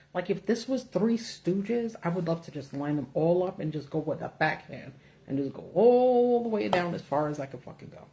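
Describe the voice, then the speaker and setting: A woman's voice: lowish voice, mellow. A woman hosting a casual livestream, ranting bluntly with profanity from notes at home under a ring light. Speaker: political commentary host.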